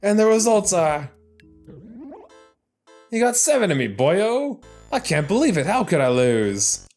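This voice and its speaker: Casual: gamer doing a cocky ghost guy, mock aussie, pitched way up, bouncy and taunting, game music faint behind. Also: very animated, unhurried, darkish tone. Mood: indignant. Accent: mock Australian. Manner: brash, taunting, drops oi and mate. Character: cocky male ghost jar collector.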